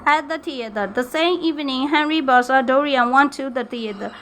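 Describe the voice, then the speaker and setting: Bright-voiced woman reading a storybook. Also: high voice, a little hiss or hum. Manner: halting, with slips and restarts. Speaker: reader. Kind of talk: reading a graded storybook aloud.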